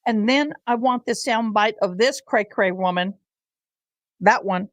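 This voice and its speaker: A woman's voice: mid-range voice, measured pace, no room sound, poor audio. A woman hosting a casual live commentary stream, chatty and teasing as she talks to her viewers. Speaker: livestream host.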